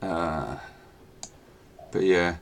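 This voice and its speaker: A man running a tabletop role-playing game as game master over a video call, describing scenes in a relaxed, self-deprecating way with filler pauses. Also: low voice, creaky.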